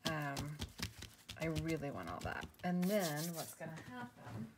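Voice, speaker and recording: A woman's voice: low-pitched, very animated, a little slow, noisy background. Chatty woman narrating a craft tutorial. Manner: chatty, self-deprecating, many fillers and restarts. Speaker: craft video host.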